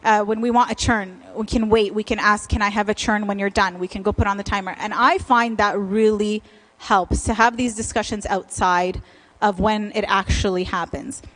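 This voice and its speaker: A woman's voice: medium pitch, steady tone, normal speed, a bit bright, poor audio. A woman leading an informal church parenting talk and answering questions in a conversational way.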